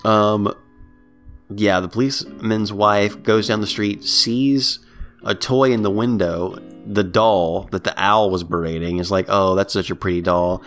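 A man's voice: unhurried, soft background music. A man co-hosting a casual podcast, recapping a movie plot and acting out the characters in exaggerated voices. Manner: animated, acts out characters in squeaky voices. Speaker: podcast co-host.

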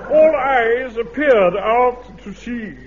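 An actor playing a pompous, self-important middle-aged Home Guard captain in a radio sitcom. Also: male voice, extremely high pitch, lively intonation, takes it slowly, over a noisy crowd, exaggerated voice. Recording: muffled old radio recording with hiss.

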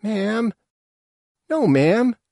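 A man reads aloud, voicing a frantic young alien who pleads and stammers. The exaggerated performance is pitched above his own voice, high and sing-song with drawn-out words and a darkish tone, in a dry, clean studio recording.

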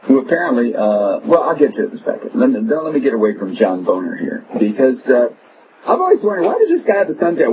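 A man's voice: mid-range voice, huge pitch swings, fast. A male radio host delivering a mocking, sarcastic, digressive monologue. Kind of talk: opinionated talk radio monologue. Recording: muffled radio broadcast with noise.

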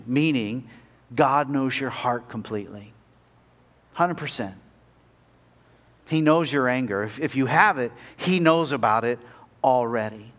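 Earnest pastor, slightly high voice. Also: male voice. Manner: earnest, rising to pleading peaks then dropping soft and slow. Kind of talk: sermon.

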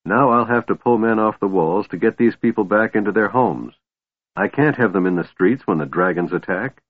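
A man's voice: fairly low pitch, normal speed, natural voice. A man voicing a weary, bitter young elf woman commander, sighing through her lines. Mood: tired resolve. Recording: tinny phone-like line, dry.

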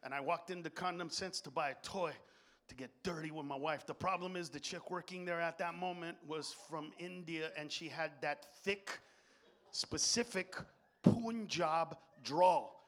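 Brief: male stand-up comic, high bright voice, crude and loud, quick to do voices. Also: steady tone. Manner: crude, loud, jumps into impressions. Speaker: stand-up comedian. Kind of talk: stand-up comedy. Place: comedy stage before a live audience.

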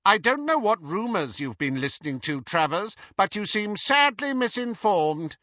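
A man voicing a young woman posing as a sneering dark witch, cold and contemptuous, in an audiobook. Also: high voice, very animated, moderate pace, no room sound, highs cut off, pitched above the performer's own voice, heavily acted.

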